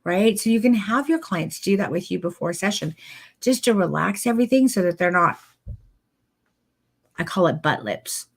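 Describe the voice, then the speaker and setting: A woman's voice: mid-range voice, animated, brisk, vocal fry, husky. A woman teaching an online photography masterclass, coaching her viewers directly and demonstrating as she explains. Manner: encouraging, addresses viewers directly. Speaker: photography posing instructor.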